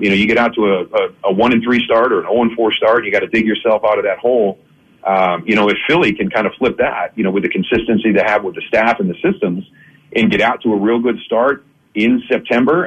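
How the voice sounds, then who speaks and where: A man calls in to a sports talk show and talks through the season fast, doubling back on his own words. His voice sits low with a husky edge. He sounds like a radio guest on a call line. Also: highs cut off. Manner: fast, rambling, many restarts. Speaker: former football player calling in as guest.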